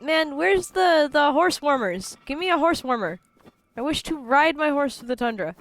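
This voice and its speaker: A woman chatting over her gameplay in a goofy, joking way, swearing now and then. Her voice sits a little high and swings up and down a lot as she reacts. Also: expressive, normal speed. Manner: goofy, playful, swears freely. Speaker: game streamer. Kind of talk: casual gameplay commentary.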